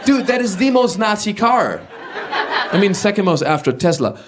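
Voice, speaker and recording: A German man with a German accent doing stand-up comedy and crowd work on a club stage, animated and mocking as he riffs with the audience. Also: sits high, normal speed. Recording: live club recording, clear crowd noise.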